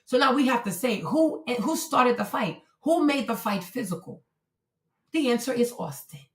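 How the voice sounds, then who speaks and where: Blunt high-voiced woman streaming, roomy sound. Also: lively intonation, moderate pace. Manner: blunt, profane, lecturing a chat viewer. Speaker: livestream host. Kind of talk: live-stream commentary.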